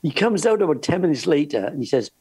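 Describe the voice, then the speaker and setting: An older man spins cruise-ship yarns in a slightly husky, raised voice. He laughs often and trips over his words as the story runs ahead of him. The sound is close and dry. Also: on the high side, very animated, fast, a little mellow, no room sound. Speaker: cruise ship entertainer telling stories. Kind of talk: anecdotal chat.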